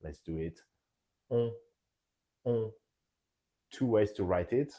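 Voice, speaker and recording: A man's voice: low voice, animated, brisk, mellow. A man with a French accent teaching French nasal vowels, demonstrating each sound carefully. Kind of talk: scripted pronunciation lesson.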